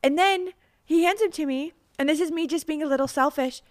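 A woman's voice: high-pitched, fairly quick. A woman in her thirties co-hosting a podcast in casual chat, rambling and laughing often, a little tired. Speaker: podcast co-host.

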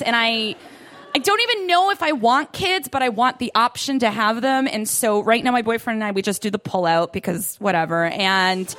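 A stand-up comedian in her thirties performs a self-deprecating set on a club stage, frequently laughing through her lines. Her voice is on the high side and fairly bright.

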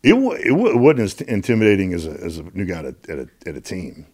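A middle-aged American man telling stories as a guest in a casual interview, animated and repeating words when he gets going. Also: low-pitched, fast, husky.

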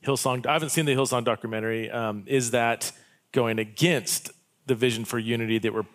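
A man's voice: mid-range voice, steady tone, brisk, fairly bright tone. A man hosts a podcast interview, mostly murmuring short agreements and now and then asking long, rambling questions. His voice is a mid-range male voice. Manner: affirming, brief interjections.

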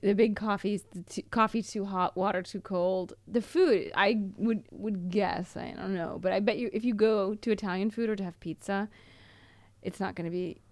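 A woman's voice: medium pitch, moderate pace, no room sound. A middle-aged woman from the United States co-hosting a podcast in casual chat, emphatic and teasing, acting out little scenes. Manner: animated, acts out little scenes. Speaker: podcast co-host.

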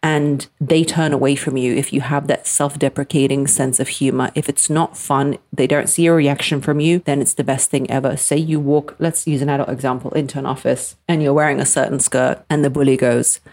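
A woman's voice: very deep voice, darkish tone. A woman in her thirties hosting a podcast, giving blunt, emphatic relationship advice and acting out the people she quotes. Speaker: podcast host answering listener questions. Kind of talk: direct advice talk.

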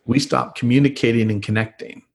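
A man's voice: medium pitch, steady tone, fairly quick, gravelly, slight background noise. A man talking as an interview guest, explaining earnestly and acting out the lines he quotes. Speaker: guest, trauma expert. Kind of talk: podcast interview.

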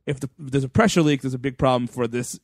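A man's voice: mid-range voice, fast talker, dry recording, clean studio sound. A man co-hosting a podcast, recapping a film and acting out its lines with laughter. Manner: animated retelling, acts out lines, laughs often. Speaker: podcast co-host. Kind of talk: casual movie recap chat.

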